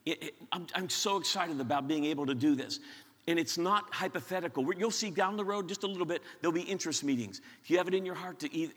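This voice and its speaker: Energetic pastor in a reverberant hall. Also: male voice, fairly high pitch. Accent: western Pennsylvania. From western Pennsylvania. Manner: energetic, repeats words when excited. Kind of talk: sermon announcements. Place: large church auditorium.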